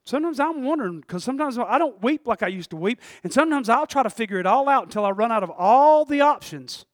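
High-voiced preacher, very dry sound. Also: male voice, quick pace, dry recording. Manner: folksy, animated, swings between loud and hushed. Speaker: pastor. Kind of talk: sermon.

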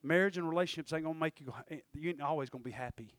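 A man preaching a sermon in church, talking in quick asides and rising to sudden shouted peaks. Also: a little high, no room sound. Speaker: pastor.

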